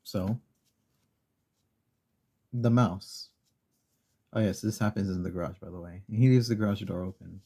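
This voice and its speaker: A soft-spoken ASMR host retells a children's story in a gravelly, breathy voice that sits on the low side. He goes slowly and meanders, pausing along the way.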